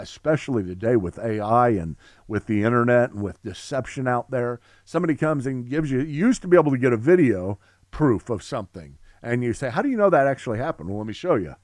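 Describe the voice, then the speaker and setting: A middle-aged man teaching a theology class, talking with excitement in long run-on sentences full of restarts. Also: mid-range voice, dry recording, studio quality. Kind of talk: classroom lecture.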